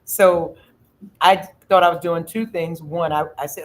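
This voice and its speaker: A middle-aged woman with a lowish voice, speaking at normal speed over poor audio, hosts a casual chat and tells a personal story. She retells it emotionally and animatedly, acting out the quoted voices with feeling.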